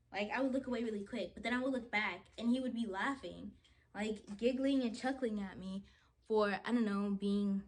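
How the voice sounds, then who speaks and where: A young woman talks straight to her camera in a casual storytime vlog, her voice sitting a little high. She retells events with animated, dramatic flair and fills her sentences with "like." She is getting ready as she talks. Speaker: vlogger.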